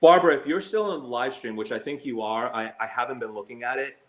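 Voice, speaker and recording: Guy ranting on a stream, upset, lots of ums and restarts, normal pitch. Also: quick pace, a bit bright. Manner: heated, hurt, stammering with many fillers; mocks others in a shrill high voice when quoting. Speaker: slots streamer. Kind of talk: emotional live stream talk.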